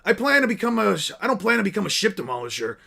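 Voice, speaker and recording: A man voicing a touchy young male pirate in a fan reading of a comic scene, pushing his voice higher. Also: sing-song, racing, gravelly, sharp tone, heavily acted. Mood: defiant.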